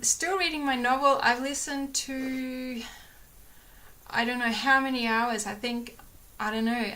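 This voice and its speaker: Young woman vlogger, bright voice, rambling chatty delivery with plenty of fillers. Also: fairly high pitch. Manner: rambling, lots of fillers and restarts, laughs often. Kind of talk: casual chat to camera.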